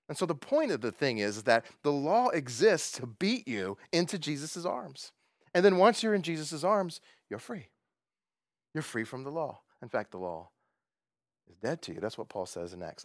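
Animated, lively-pitched male preacher. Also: moderate pace, dry recording, studio quality. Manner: animated, chuckling, asks the listeners questions. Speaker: pastor. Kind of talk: conversational sermon.

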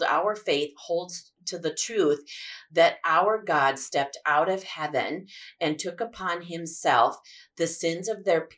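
A woman with a notably low voice leads a devotional Bible teaching. She speaks earnestly and reflectively and often restarts her sentences as she works through her thoughts. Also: a bit bright. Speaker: podcast host.

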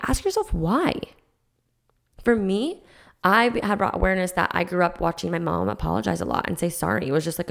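On her casual solo podcast, this woman, a life coach, reflects in an earnest, relaxed manner and often starts her sentences over. She has a creaky voice on the low side.

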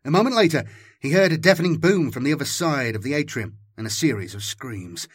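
A man's voice: medium pitch, brisk, husky, no room sound. A man doing dramatic scripted audiobook narration on a close mic. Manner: dramatic, animated storytelling.

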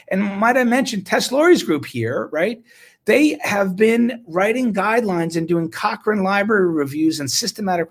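A man with a somewhat raised pitch and a husky edge to his voice speaks as a physician. He sounds indignant and mocks his targets with dry sarcasm, breaking into short laughs now and then. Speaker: physician speaking on medical research. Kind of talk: impassioned talk.

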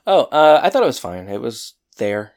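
A man co-host in a loose chat about a TV episode. He speaks at an ordinary middle pitch and rambles a little as he goes. His delivery is relaxed and unhurried. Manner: relaxed, rambling, with fillers and restarts. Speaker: podcast co-host. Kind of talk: casual episode recap chat.

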